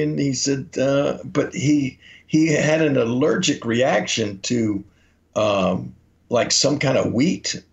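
A man's voice: mid-range voice, takes it slowly. A man, a podcast co-host telling rambling anecdotes and acting out the quotes in them. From Memphis, Tennessee. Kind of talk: casual storytelling. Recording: dull lo-fi audio.

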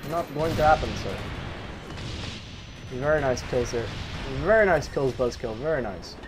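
Young male gameplay commentator, mid-pitched, self-mocking and rambling, clear game gunfire behind. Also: normal speed, background noise. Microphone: desk microphone.

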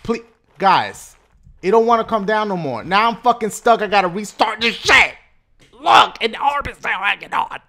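Man, gaming host, high-pitched, very animated, loud, slangy, swears a lot. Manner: loud, profane, slangy, quick to shout at the game. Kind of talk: excited gameplay commentary.

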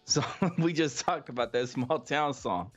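A man's voice: mid-range voice, expressive, measured pace, muffled recording, soft background music. A man hosting a casual chat, telling a story with laughter and acting out quoted voices. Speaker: podcast host.

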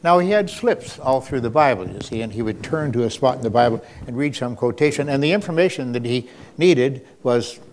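A man telling an anecdote in a wry, unhurried way, often pausing with fillers and chuckling. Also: medium pitch, lively intonation, darkish tone, a little hiss or hum. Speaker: storyteller. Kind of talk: anecdotal talk.

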